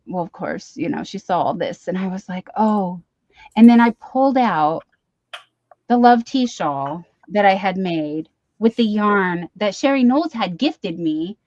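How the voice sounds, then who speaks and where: A woman's voice: medium pitch, no room sound, muffled recording. A woman hosting a late-night livestream, chatting casually and rambling as she reads comments aloud. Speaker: live stream host. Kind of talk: casual chat.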